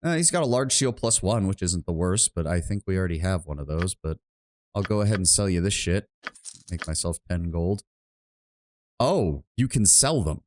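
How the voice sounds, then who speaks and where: A man's voice: deep voice, sing-song, moderate pace, a little mellow. A man streaming a game, talking through it in a rambling, profane, self-mocking way. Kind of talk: live game commentary.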